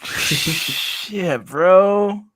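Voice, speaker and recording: Host: man, animated profane storyteller. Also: high voice, extremely slow, no room sound. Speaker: podcast host. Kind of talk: casual chat.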